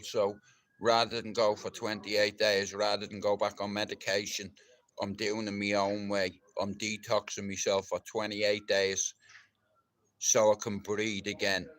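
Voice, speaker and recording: A middle-aged Irish man chatting on a live stream, rough-spoken and swearing heavily, and loud and ranting once he gets fired up. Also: lowish voice. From Ireland. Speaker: livestreamer. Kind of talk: casual live-stream chat.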